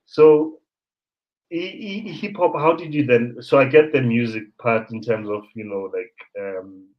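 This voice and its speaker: A man's voice: medium pitch, a little slow. A South African man, a host in his thirties, telling stories animatedly in casual conversation. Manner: animated storyteller, mixes in local words. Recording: muffled lo-fi sound.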